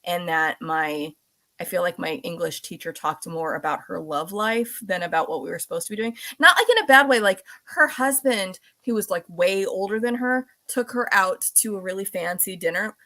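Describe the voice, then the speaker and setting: A woman hosting a podcast in casual chat, talking in quick asides and reading out listener comments. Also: on the low side, bright, forceful tone. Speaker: podcast host.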